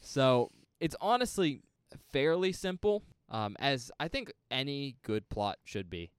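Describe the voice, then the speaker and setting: Unhurried and medium in pitch, this young man's voice is clean with no echo. He's co-hosting a casual movie podcast where he explains film history, teases his friend, and gets animated when making a point.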